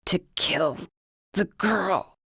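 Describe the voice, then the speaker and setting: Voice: medium pitch, slow pace, fairly bright tone, no echo, pitched above the performer's own voice. An audiobook narrator voicing a tormented male prisoner who hisses his answers in pain, in a dry recording. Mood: strained. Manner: strained, pained hissing.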